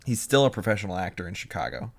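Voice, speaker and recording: A young man with a fairly low voice co-hosts a casual podcast chat. He tells his stories with energy and slips into quoted asides as he goes. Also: quick pace, gravelly. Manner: animated storytelling with quoted asides. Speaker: podcast co-host.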